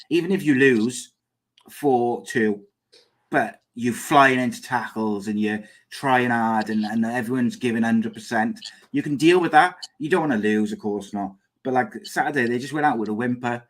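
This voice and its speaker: A young man hosting a comedic podcast in a rambling, chatty, plain-spoken way. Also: medium pitch. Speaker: podcast host. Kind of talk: casual comedic chat.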